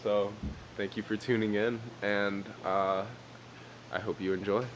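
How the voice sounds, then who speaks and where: A man's voice: on the low side, level tone, measured pace, slight background noise, rough recording. A young man co-hosting a casual podcast, jokey and rambling, laughing often. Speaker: podcast co-host. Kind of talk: casual chat.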